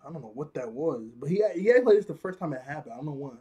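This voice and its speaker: A man's voice: a little high, animated, racing, warm tone, husky. A man casually recapping a cartoon episode in slangy talk, often laughing and correcting himself.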